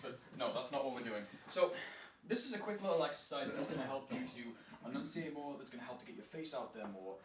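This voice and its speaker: A man's voice: mid-range voice, lively intonation, a little fast. A man coaching a student through acting exercises, upbeat and encouraging, often laughing. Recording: echoey room from a distance with faint noise.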